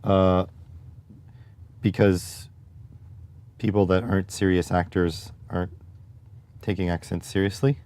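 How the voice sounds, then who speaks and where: A man's voice: sits low, flat delivery, measured pace, pauses often, a little mellow. A man hosting a casual livestream, talking in a rambling, wry, conversational way and answering his chat. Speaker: livestream host.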